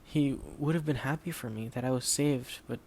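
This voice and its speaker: Gravelly male audiobook narrator. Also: mid-range voice, moderate pace, darkish tone, a little hiss or hum.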